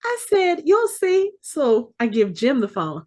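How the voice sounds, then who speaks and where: A woman's voice: fairly high pitch, wildly swooping pitch, slow pace, darkish tone. A woman in her forties co-hosting a podcast, telling a story in casual chat and acting out the voices of the people she quotes. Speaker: podcast co-host.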